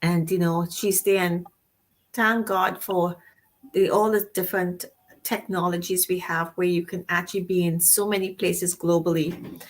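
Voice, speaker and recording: A woman's voice: lowish voice, little pitch movement, moderate pace. A woman co-hosting a casual talk show, speaking effusively and rambling, with frequent restarts and rephrasings. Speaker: co-host.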